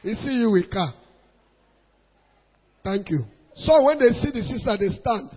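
A middle-aged man with a Nigerian accent, preaching to a congregation in lively storytelling, mixing Pidgin with English and acting out voices. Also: very high-pitched, unhurried, husky. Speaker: pastor. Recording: dull recording in a large reverberant hall.

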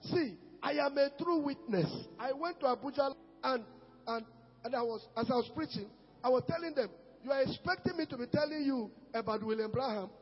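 A man preaching as a pastor, swinging between shouts and low murmurs. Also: fairly quick. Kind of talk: sermon. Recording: echoey hall with dull sound and music.

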